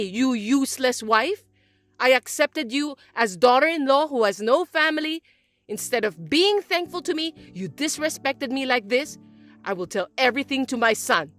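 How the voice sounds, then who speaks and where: Lady voicing a bossy mother-in-law, high and whiny, swinging all over, faint music behind. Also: a bit bright, no room sound. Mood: furious. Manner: indignant, accusing and whiny. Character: shrill domineering mother-in-law, middle-aged woman. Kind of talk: scripted story voice-acting.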